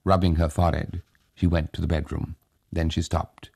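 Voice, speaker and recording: A man narrating an audiobook in a measured, steady way. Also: deep voice, creaky, husky, no room sound, studio quality.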